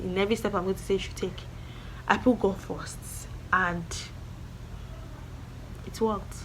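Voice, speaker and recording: A woman's voice: mid-range voice, pushed and bright, a little hiss or hum. A young woman, talking earnestly to camera in a casual vlog and repeating her encouragements. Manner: earnest, motivational, repeats phrases. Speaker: vlogger.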